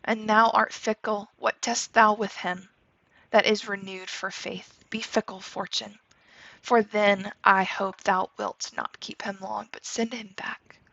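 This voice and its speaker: A woman teacher reading the part of Juliet, a grieving and defiant young noblewoman, aloud in verse and sometimes dropping to a breathy hush. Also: medium pitch, flat delivery, unhurried, no echo, lo-fi sound, heavily acted. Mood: longing.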